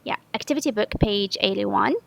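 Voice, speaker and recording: Her mid-range voice is gravelly and a bit bright, and she talks a little fast as she teaches an English grammar lesson. This woman teacher from Saudi Arabia explains patiently step by step with many self-corrections; the recording is rough, with no echo.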